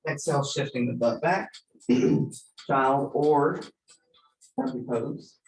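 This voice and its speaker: A man in his thirties leading a gentle yoga class, giving calm cues for breath and movement with light joking asides. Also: mid-range voice, slow. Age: 30s. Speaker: yoga instructor. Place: church room. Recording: roomy, from far off the mic.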